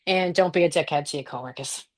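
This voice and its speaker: A woman's voice: sits low, quick pace, a little mellow. A woman in her forties co-hosting a podcast in casual chat, laughing often and speaking bluntly with plenty of swearing. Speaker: podcast co-host.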